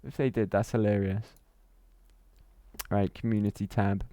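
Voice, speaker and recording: A man's voice: fairly low pitch, fairly even intonation, measured pace, mellow, no room sound, studio quality. A man from Wales, chatting and laughing through a gaming livestream while reading his chat. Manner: chatty, laughs often, reads chat aloud. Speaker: streamer.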